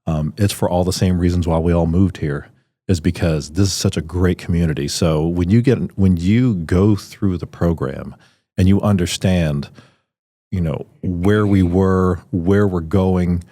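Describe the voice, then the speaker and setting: A man co-hosting a podcast in a studio, rambling with lots of fillers and restarts and quick to laugh. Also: low-pitched, dark tone, dry recording. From Filipino family. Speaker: podcast co-host. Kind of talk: casual chat.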